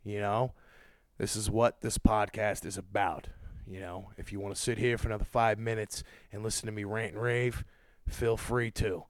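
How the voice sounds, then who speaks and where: A man hosting his own podcast, ranting and cursing loudly about the music business. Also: on the low side, flat delivery, moderate pace, dry recording. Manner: loud, cursing, ranting, angry. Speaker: podcast host. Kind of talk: profane podcast rant.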